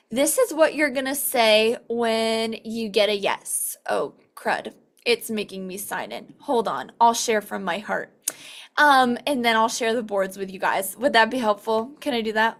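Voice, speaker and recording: A woman's voice: fairly high pitch, unhurried. A woman leading a casual online sales training over a video call, upbeat and chatty, acting out quoted dialogue as she explains.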